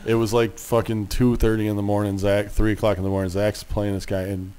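A man's voice: on the low side, little pitch movement, a little fast, a little mellow, clear, resonant tone. A man co-hosting a podcast, telling teasing stories with free swearing in casual late-night chat. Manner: teasing storyteller, swears freely. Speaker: podcast co-host.

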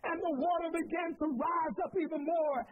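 High-voiced preacher on a tinny line. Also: male voice, fairly even intonation, normal speed. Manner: storytelling, repeats phrases, builds to shouts. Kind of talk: sermon. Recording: tinny phone-like sound.

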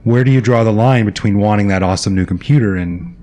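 A man's voice: on the low side, fast talker, warm tone. A man co-hosting a casual podcast, joking and teasing the guest. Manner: jokey, teasing banter. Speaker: podcast co-host.

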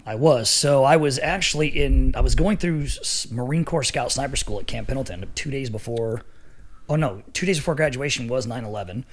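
Man, middle-aged, podcast guest, casual storytelling, swears a lot, laughs often, average pitch. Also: brisk, slight background noise.

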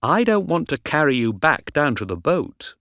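A man reading an audiobook voices a calm young woman traveler who speaks quietly and teases her companion. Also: a little high, normal speed, no room sound, studio quality, voice pushed up. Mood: teasing. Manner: quiet, teasing.

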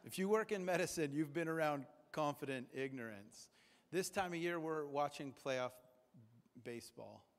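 A man's voice: fairly high pitch, lively intonation, moderate pace, big-room sound. A man preaching a sermon in a church, talking conversationally and jokingly and acting out the people he quotes. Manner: conversational and jokey, acts out quoted voices. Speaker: pastor. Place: church sanctuary.

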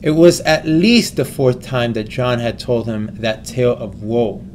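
Guy reading a book out loud, middle pitch, small slips, faint hiss. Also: lively intonation, a little slow.

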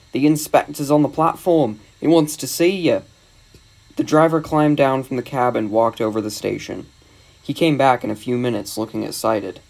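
A man narrates a children's storybook in a steady, measured way. His voice sits at an ordinary middle pitch for a man. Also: gravelly.

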